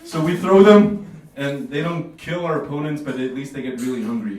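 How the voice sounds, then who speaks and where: A man's voice: on the high side, normal speed, very noisy. A man from Bosnia performs stand-up comedy in a small café. He talks casually and keeps laughing at his own jokes. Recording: echoey café from far off.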